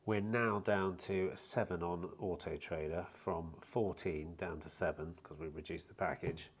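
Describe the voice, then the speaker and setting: Low-voiced man with a cold, rambling vlog. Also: fairly even intonation, unhurried, breathy edge. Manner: rambling and matter-of-fact, with restarts and mild swearing. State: has a cold, a bit chesty. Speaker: used car dealer vlogger. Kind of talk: casual vlog chat to camera.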